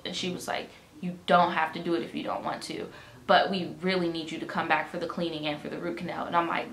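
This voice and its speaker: A woman's voice: lowish voice, fast talker. A young woman telling a vlog storytime, swearing and acting out both sides of a conversation, with a swollen, aching jaw. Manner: exasperated, profane, animated retelling with quoted dialogue. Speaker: vlogger. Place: indoor room, at home. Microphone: camera mic. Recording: echoey room, faint ambient noise.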